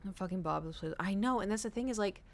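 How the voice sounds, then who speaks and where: A woman's voice: mid-range voice, quick pace. A young woman streamer rambling through a casual story, full of "like" and "you know". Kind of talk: casual chat.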